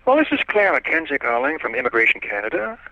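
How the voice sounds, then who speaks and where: A man putting on the voice of a prank caller who poses as a prim female official, in a quiet, small voice with polite, officious manners. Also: a little high, sing-song, fast, dry recording, muffled recording, voice pushed up, heavily acted. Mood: mock-official. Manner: polite, officious, feigning concern.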